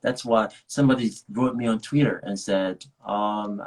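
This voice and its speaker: Husky-voiced man from Nigeria, chatting loosely. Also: lowish voice, steady tone, moderate pace, low-quality recording. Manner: rambling, with many restarts and laughs. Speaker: actor guest. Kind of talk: casual interview chat.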